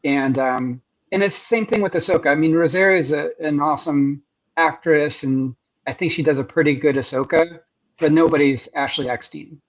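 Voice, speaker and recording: A man's voice: on the high side, normal speed, highs cut off. A man talking as a guest artist in a casual interview, enthusiastic and rambling with many restarts, heard over a video call.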